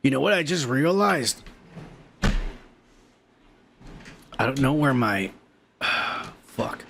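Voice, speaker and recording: Drunk gravelly man ranting and swearing. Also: mid-range voice, expressive, slow, fairly bright tone, a little hiss or hum. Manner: profane, rowdy, jokey. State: drunk and high. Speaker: podcast host. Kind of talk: rambling casual commentary.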